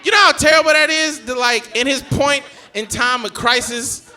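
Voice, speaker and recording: A young man doing a stand-up set, telling family stories with animated energy and acting out his relatives. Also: extremely high pitch, moderate pace. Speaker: stand-up comedian.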